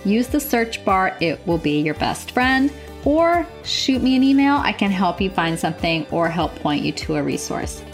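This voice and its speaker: A woman's voice: mid-range voice, big pitch swings, normal speed, faint music behind. A woman hosting her nursing podcast, chatting in a bubbly, enthusiastic way from her office. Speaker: podcast host, nurse. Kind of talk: casual podcast chat. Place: home office.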